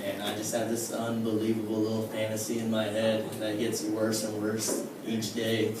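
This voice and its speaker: A man's voice: on the low side, completely flat delivery, normal speed. A man doing a stand-up comedy set in a comedy club, telling crude, self-mocking stories in a casual way, with lots of "like" and "all right?". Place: comedy club stage with live audience. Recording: distant, very echoey club recording with noise. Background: audience laughter and room ambience.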